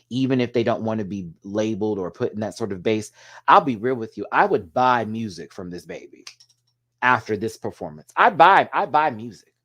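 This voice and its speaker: Excitable man gushing in a rambling review. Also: lowish voice. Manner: animated, swears, drag slang, gushes emotionally; rambling with restarts and asides to viewers. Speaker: TV show reviewer. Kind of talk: casual solo review rant.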